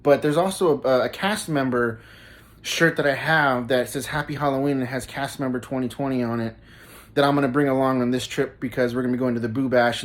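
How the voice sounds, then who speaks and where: Young man, casual vlog storyteller, halting and repetitive delivery. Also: mid-range voice. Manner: halting, repeats words often, laughs mid-sentence. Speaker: vlogger.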